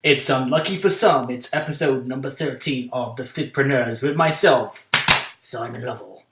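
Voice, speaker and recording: A man's voice: mid-range voice, moderate pace, distant mic, loud music behind the voice. A man co-hosting a podcast, telling a long casual anecdote with lots of fillers and restarts. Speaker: podcast co-host. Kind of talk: casual storytelling chat. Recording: roomy echo.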